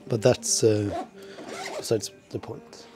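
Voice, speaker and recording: A man's voice: fairly low pitch, fairly even intonation, slow, music in the background. A man livestreaming from the gym, chatting casually with viewers in a profane, self-mocking way. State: out of breath at times. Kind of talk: casual livestream chat while working out.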